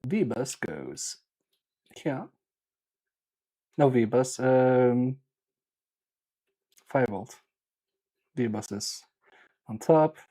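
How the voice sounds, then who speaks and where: Slow, mellow man chatting while working. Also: mid-range voice, sing-song. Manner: joking, self-mocking, muttering while working on the repair. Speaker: livestream electronics repair host. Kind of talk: casual live-stream chat while working.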